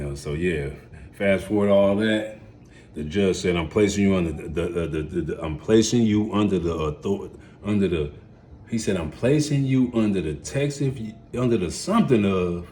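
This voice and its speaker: A man in his forties telling his life story in a casual, rambling way, heavy on street slang, dropping to mumbles and then jumping up loud and excited. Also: deep voice, a little hiss or hum. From United States.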